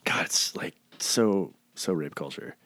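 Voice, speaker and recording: Man, podcast co-host, low voice, slightly drowsy, laid-back, dry close sound. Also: measured pace, fairly bright tone, no room sound. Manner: laid-back, chatty, laughing often. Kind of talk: casual chat.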